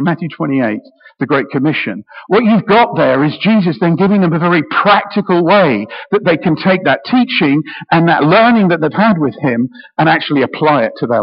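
A middle-aged British man preaching a sermon, emotional and passionate, often repeating words as he goes. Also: on the high side. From Britain. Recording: echoey hall, dull sound.

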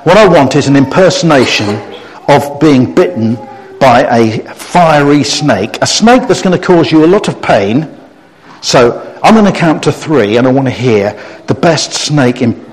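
Lively storytelling preacher man in a reverberant hall. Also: medium pitch, measured pace. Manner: animated storyteller who acts out quotes and gets the audience to join in. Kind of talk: story-based sermon talk. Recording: long reverb of a large hall.

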